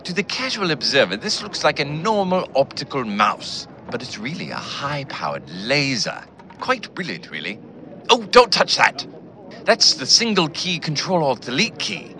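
A man voicing a fussy, excitable English gadget inventor with a British accent, in a clipped, prim manner. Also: mid-range voice, moderate pace, a little hiss or hum, pitched above the performer's own voice.

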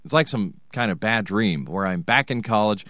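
Deep-voiced American male storyteller with a wry, sarcastic, digressive manner and a lively delivery. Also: normal speed, no echo, clean studio sound. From United States. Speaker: narrator, host. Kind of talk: comic personal storytelling.

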